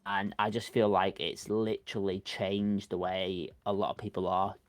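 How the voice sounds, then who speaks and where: A man's voice: deep voice, flat delivery, moderate pace, dry recording. A man co-hosting a podcast, chatty and a little rambling as he tells stories. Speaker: podcast co-host. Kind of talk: casual podcast chat.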